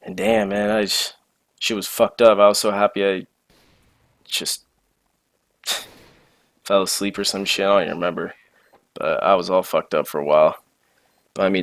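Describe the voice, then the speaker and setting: A young man telling a story casually, animated and full of slang and swearing. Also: sits low, moderate pace, long pauses, clean tone, no room sound.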